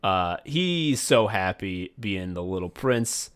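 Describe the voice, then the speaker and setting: A man co-hosting a comedy podcast, talking in a sarcastic, profane way with loud mocking bursts. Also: low-pitched, expressive, slow, smooth. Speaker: podcast co-host. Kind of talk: casual comedic chat.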